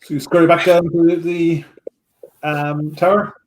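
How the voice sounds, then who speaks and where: A man's voice: a little high, flat delivery, moderate pace, slight background noise. A man narrating as dungeon master, hesitant and full of fillers, in a roomy-sounding recording. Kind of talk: narrating a tabletop game. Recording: roomy echo.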